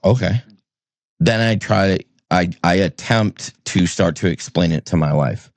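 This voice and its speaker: A middle-aged man from New England, a pastor co-hosting a podcast, speaks in a somewhat low voice recorded close and dry. He tells a candid personal story, sinking into low, heavy tones and then leaping into high, exasperated bursts. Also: unhurried, creaky, dry recording.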